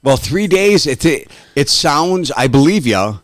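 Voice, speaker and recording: A man's voice: a little high, sing-song, measured pace, no room sound. A man co-hosting a podcast, chatting casually, asking questions and summing things up. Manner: asks questions, sums things up. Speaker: podcast co-host. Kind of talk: casual chat.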